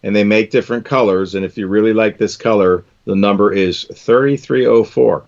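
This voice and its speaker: A man's voice: lowish voice, normal speed, vocal fry, darkish tone, muffled recording. A man hosting a live stream, chatting casually and enthusiastically while tying fishing lures, often calling people "man".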